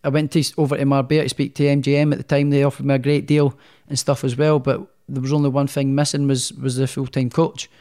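A young man chats through his boxing career, his stories rambling with a lot of restarts. His voice sits at a middle pitch for a man, loose and unscripted. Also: fast, hardly any pauses. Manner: rambling, animated storyteller with many restarts. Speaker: professional boxer, guest. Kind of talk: casual storytelling interview.

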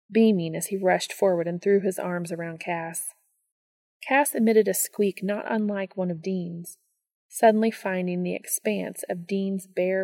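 Woman reading a love story out loud, lowish gravelly voice, calm and soft. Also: dry recording. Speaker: narrator. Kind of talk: reading a romance story aloud.

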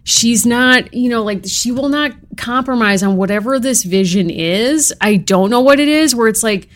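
A woman's voice: on the high side, normal speed. A woman co-hosting a podcast in casual chat, wry and dramatically exasperated as she picks apart a book. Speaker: podcast co-host.

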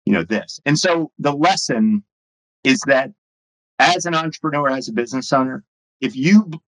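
A man's voice: medium pitch, fairly bright tone, rough recording. A man who runs his own business, telling stories in a casual, rambling way full of fillers. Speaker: entrepreneur and business owner guest. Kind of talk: casual storytelling.

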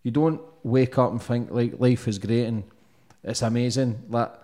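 A man's voice: mid-range voice, fairly even intonation, moderate pace, dark tone. A man hosting a podcast interview, reflective and casual, swearing now and then. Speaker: podcast host.

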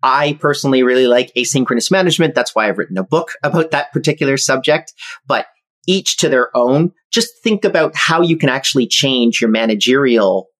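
A man who is an entrepreneur and podcast guest, explaining his views in a measured way. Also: medium pitch, lively intonation, a bit bright. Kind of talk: casual interview chat.

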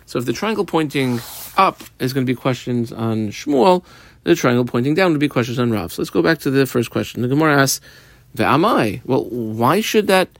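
A man teaching a Talmud page, explaining each Aramaic phrase in English in a steady teaching cadence. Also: mid-range voice, no echo. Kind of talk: daf yomi Talmud lesson.

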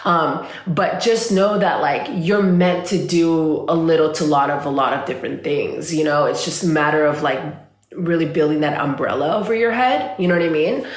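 A woman working as a spiritual and business coach, talking in a casual podcast conversation. She is animated, swears freely and fills her speech with "like.". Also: deep voice, normal speed, reverberant.

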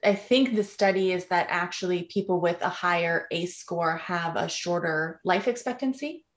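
A woman's voice: lowish voice, normal speed. A woman hosting a podcast, speaking in a thoughtful and affirming way. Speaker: podcast host. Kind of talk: conversational podcast interview. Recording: echoey room.

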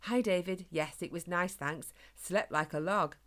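A woman's voice: on the low side, unhurried, fairly bright tone. A woman voicing a young hedgehog boy who loves running, earnest and a bit timid. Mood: eager. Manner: earnest, hopeful, a little timid.

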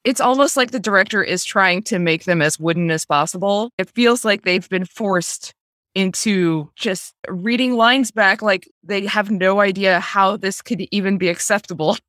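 A woman's voice: medium pitch, normal speed, a bit bright, dry recording, clean studio sound. A woman co-hosting a casual podcast, reviewing a bad movie in a wry, amused way. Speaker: podcast co-host.

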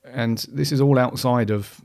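A man's voice: mid-range voice, steady tone, a little slow, darkish tone. A man hosting a podcast, talking casually and rambling with many restarts and fillers. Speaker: podcast host.

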